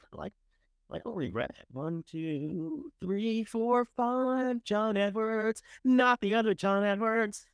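A man hosting a show, casually commenting as he reads through candidates, chatty and sarcastic, with loud bursts of enthusiasm and mumbled asides. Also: high voice, slow, clear, resonant tone, no echo. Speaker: show host reviewing candidates.

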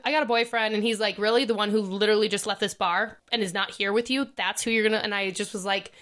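A woman's voice: medium pitch, fairly even intonation, quick pace, hardly any pauses, a bit bright. Chatty young woman telling a story. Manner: chatty, laughs often, many restarts. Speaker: podcast host. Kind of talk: casual storytelling chat.

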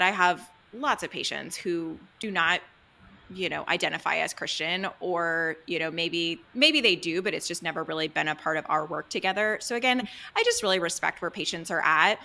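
A woman psychiatrist speaks as a podcast guest, her voice bright and forceful though pitched a little low. She talks with open excitement and earnest warmth about her work, with frequent fillers and restarts. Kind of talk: podcast interview answers.

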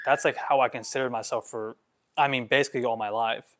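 A man in his twenties, a vlogger answering follower questions on a livestream, animated, getting worked up, with many "like" fillers. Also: mid-range voice, fast, slight background noise. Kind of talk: livestream Q&A monologue.

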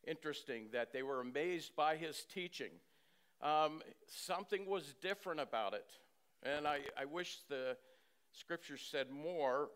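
A man, a pastor, giving a conversational Bible-teaching sermon and reading scripture in a measured way. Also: medium pitch, a bit bright, clean tone.

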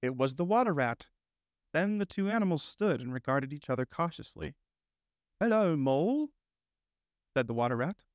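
Smooth-voiced man reading a storybook. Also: medium pitch, animated, no echo, studio quality. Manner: measured, gentle, unhurried storytelling. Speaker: audiobook narrator. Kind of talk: scripted storybook narration.

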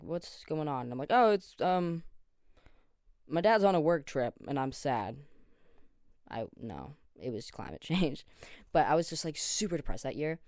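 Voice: medium pitch, creaky, darkish tone, no room sound, clean studio sound. A young host in their late teens, talking in a casual, rambling monologue full of fillers and self-deprecating asides, often losing track mid-sentence. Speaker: podcast host.

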